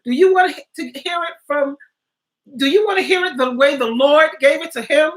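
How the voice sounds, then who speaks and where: A woman's voice: sits high, normal speed. A woman hosting a live stream, reacting to a video and reading viewer comments, chatty and laughing often. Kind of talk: casual live-stream chat.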